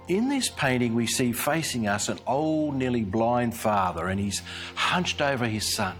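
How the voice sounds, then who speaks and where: Earnest man with a lively, rising-and-falling voice. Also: mid-range voice, faint music behind. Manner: earnest, measured storytelling. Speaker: Christian speaker. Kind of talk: scripted devotional presentation.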